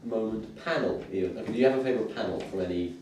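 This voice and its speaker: Man, comic review host, animated, low voice, very echoey room, distant mic. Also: very fast, slight background noise. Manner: animated, retelling scenes with laughter. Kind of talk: casual chat.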